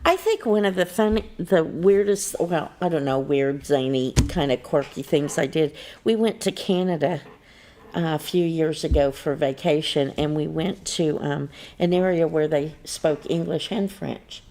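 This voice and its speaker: A woman's voice: low voice, unhurried, mellow. A woman hosting a local morning TV show, telling chatty stories, laughing often, and leading a prayer. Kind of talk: casual on-air chat and prayer. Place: local TV studio.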